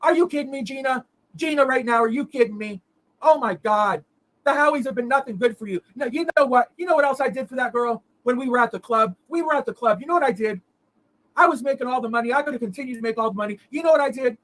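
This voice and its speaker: A woman's voice: sits high, fast, lightly acted, low-quality recording. A woman doing an impression of a brash, foul-mouthed woman streamer, ranting at her audience with repeated rhetorical questions. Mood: indignant rant. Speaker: host.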